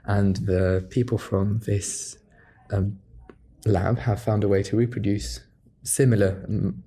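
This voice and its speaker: Mellow-voiced male podcast co-host. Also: lowish voice, slow pace, breathy edge. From half French. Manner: relaxed, laughs often, hesitant fillers when explaining. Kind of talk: casual chat.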